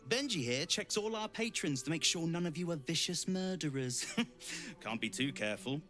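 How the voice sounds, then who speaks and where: An actor playing a flattering, smooth-talking male circus barker in a video game. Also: a little high, normal speed, faint music behind. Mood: showy. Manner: theatrical, flattering, sing-song announcing. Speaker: circus greeter.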